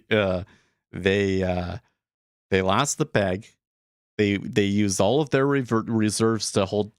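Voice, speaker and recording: A man with a lowish voice hosts a day trading livestream from his home studio room, talking casually and rambling with lots of fillers and restarts. The recording is dry and of studio quality.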